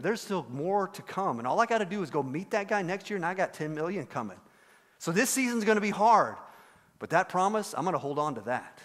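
A man preaching a sermon as pastor, telling a story and acting out the quoted voices with animated delivery. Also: on the high side, long reverb tail. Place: church sanctuary.

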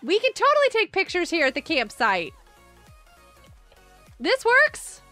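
A woman chatting casually while she streams a game, excitable and quick to gasp and laugh. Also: very high voice, faint music behind. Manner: excitable, gasping and laughing often. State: sleepy, yawning. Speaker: gaming livestreamer. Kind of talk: casual live gameplay chat.

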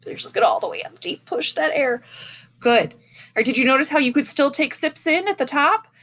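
A woman with a high, expressive, somewhat bright voice speaks a little fast while giving children an online music lesson. She stays patient and demonstrates breathing as she goes, sitting in a chair indoors before a camera.

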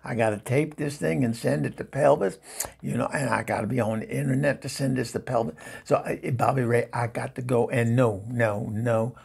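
Performing a phone-call monologue, a comedy show regular plays an exasperated, much-married Southern divorcée with a gravelly, sharp-tongued manner. His exaggerated voice sits at medium pitch, with a steady, slightly mellow tone at normal speed, as she stammers in a fluster and delivers sassy put-downs.

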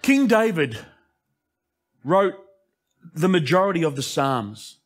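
A male pastor preaching an impassioned sermon that swings between emphatic lines and hushed asides. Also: on the high side, very animated, slow.

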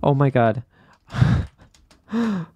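A young male gaming streamer rages through his gameplay, giving frustrated, exasperated commentary with repeated outbursts and complaints. His voice is a little high, with big pitch swings and drawn-out words, over heavy background noise.

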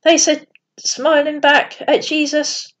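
High-voiced woman storyteller, gentle bedtime reading, muffled lo-fi sound. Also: little pitch movement, takes it slowly. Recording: dull lo-fi recording.

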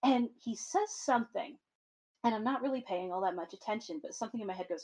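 A woman hosting a podcast, telling stories in a casual, animated way with plenty of swearing. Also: fairly high pitch, fairly quick, poor audio. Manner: animated storytelling with profanity. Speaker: podcast host.

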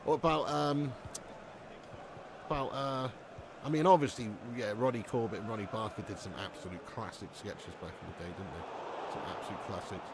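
A man's voice: lowish voice, moderate pace, noisy background. A man live-streaming a football game, chatting loosely with his viewers, swearing and laughing often. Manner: swearing, laughing, rambling banter with chat. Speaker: streamer reading chat. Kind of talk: casual live-stream chat.

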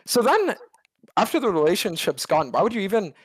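A man's voice: sits high, very animated, a little fast, husky, dry recording. A man explaining his view at length in a casual group chat. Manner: rambling, explaining. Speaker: panelist.

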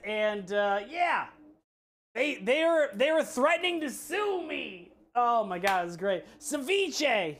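A streamer cooks on a live broadcast and talks to the chat between steps. The story rambles, full of casual swearing and self-corrections, at a medium pitch. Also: sing-song, measured pace, fairly bright tone, slight background noise. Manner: rambling, profane storytelling with restarts.

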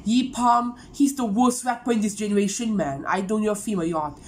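A woman's voice: mid-range voice, brisk, a little hiss or hum. A woman hosting a music reaction video, ranting casually and tagging phrases with "man" or "bro".

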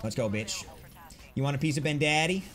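A young man streaming a shooter game, trash-talking opponents and cheering his own plays with brash, excited commentary. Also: a little high, a little fast. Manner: brash trash talk with excited yelps and laughs. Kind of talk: live gameplay commentary. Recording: noisy game audio behind voice. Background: gunfire from the game.

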